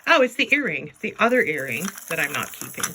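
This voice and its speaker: Chatty, lively woman vlogging. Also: low-pitched, fast, noisy background. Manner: chatty and playful, talks to objects in silly voices. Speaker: jewelry reseller vlogger. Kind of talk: casual chat while sorting jewelry.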